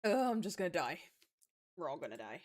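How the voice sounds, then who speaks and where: Animated young woman streamer. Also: lowish voice, fairly quick. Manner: animated, swings from mumbling to excited shouts; swears casually, laughs through stories. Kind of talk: casual livestream chat while gaming.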